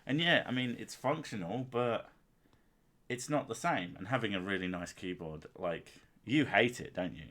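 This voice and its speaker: A man with a lowish voice hosts a casual livestream. He chats in a loose, rambling way with crude jokes, often at his own expense. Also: expressive, moderate pace, fairly bright tone. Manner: joking, crude, self-mocking. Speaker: streamer and host.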